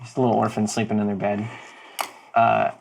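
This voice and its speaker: A woman's voice: very deep voice, level tone, a little fast, vocal fry, a little mellow, a little hiss or hum. A woman playing a tabletop game in casual banter, reasoning aloud with restarts and laughing easily. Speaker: player.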